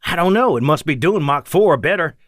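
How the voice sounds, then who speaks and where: A man's voice: big pitch swings, a bit bright, dry recording, studio quality. A man doing a jittery young pilot with an Appalachian twang. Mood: shaken. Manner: jittery, fast, high-strung. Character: young nervous male fighter pilot, joking.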